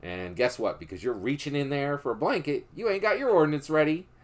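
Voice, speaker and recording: In this casual, story-based political commentary, a man from Philadelphia, USA, speaks fairly quickly with lively intonation. He's emphatic, asks "right?" at the end of almost every sentence, and quiets down low when stressing a moral point.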